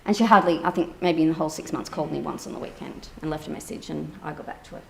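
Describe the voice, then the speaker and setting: Animated woman telling a therapy story. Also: low voice, rapid-fire, creaky. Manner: animated, acts out quoted dialogue, many fillers. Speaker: therapist and keynote speaker. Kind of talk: conference keynote talk, personal storytelling.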